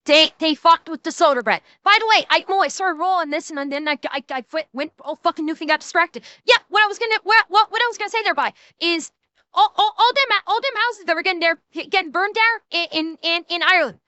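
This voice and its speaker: A woman's voice: extremely high pitch, fast talker, bright, forceful tone, dry recording. A woman streamer ranting and swearing while reacting, stammering and repeating herself. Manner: profane, stammering, heated ranting.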